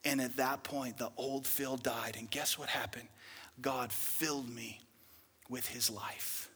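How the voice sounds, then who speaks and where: A young male pastor preaching a sermon, swinging dramatically between loud outbursts and hushed whispers. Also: mid-range voice, steady tone, slow, slightly rough. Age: young adult. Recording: reverberant hall.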